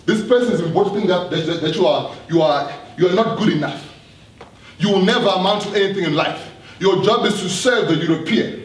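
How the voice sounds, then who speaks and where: A man gives an earnest talk to a live audience, turning again and again to the room with questions. His voice sits fairly high for a man and carries around a roomy hall. It is picked up from a distance, with a faint hiss underneath. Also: brisk. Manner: earnest, repeats words, asks the audience questions. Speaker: speaker addressing an audience.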